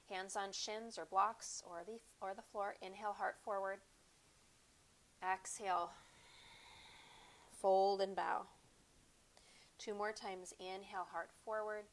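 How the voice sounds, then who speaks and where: Calm woman guiding a yoga flow. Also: mid-range voice. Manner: calm, unhurried cueing of breath and poses. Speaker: yoga teacher. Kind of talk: guided yoga class instruction.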